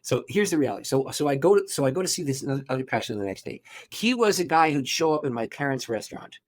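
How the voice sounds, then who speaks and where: A man, a pastor, telling his life story in an interview, animated and acting out the people he quotes. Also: mid-range voice, fast.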